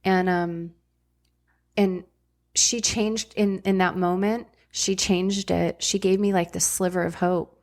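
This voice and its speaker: Middle-aged woman, podcast guest, low-ish flat delivery, blunt and candid, casual swearing. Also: slow pace. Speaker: podcast guest, former ER nurse. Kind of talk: candid conversational storytelling.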